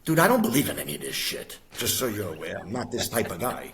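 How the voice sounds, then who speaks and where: A middle-aged man from the USA, a podcast guest telling a personal story in an animated, streetwise way, often calling the host "bro" and "my brother". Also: fairly low pitch, quick pace, hardly any pauses, a little hiss or hum.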